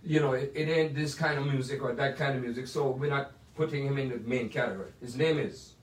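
A man's voice: mid-range voice, fast talker. Older Jamaican man spinning a rambling story. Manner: rambling, anecdotal, digressive with asides. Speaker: jazz pianist telling stories. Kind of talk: casual storytelling. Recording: roomy sound from a distant mic.

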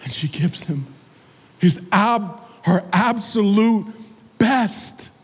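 Animated high-voiced male preacher. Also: takes it slowly, husky, long reverb tail. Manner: animated preaching, calls for amens. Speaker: pastor. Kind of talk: sermon. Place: church sanctuary.

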